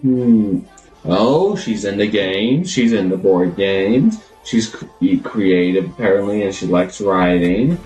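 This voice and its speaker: A man's voice: fairly low pitch, animated, takes it slowly, a little mellow, faint music behind. A man live streaming, chatting casually and rambling as he thinks aloud, always referring to himself in the third person.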